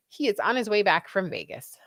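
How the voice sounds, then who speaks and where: A woman's voice: mid-range voice, fairly bright tone. A woman co-hosting a casual livestream, chatting and reading viewer comments aloud. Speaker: livestream co-host reading chat. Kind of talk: casual chat.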